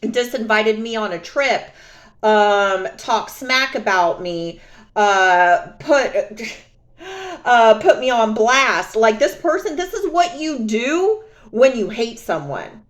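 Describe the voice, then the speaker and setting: A young adult woman telling a personal story in a casual vlog, sassy and animated, often mocking others. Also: on the high side, slow. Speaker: vlogger.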